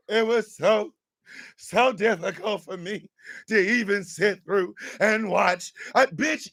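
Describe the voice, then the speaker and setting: Man, comedic rant, profane and exasperated, gravelly, bright and sharp. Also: high voice, takes it slowly. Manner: profane, exasperated, often shouting. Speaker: podcast host.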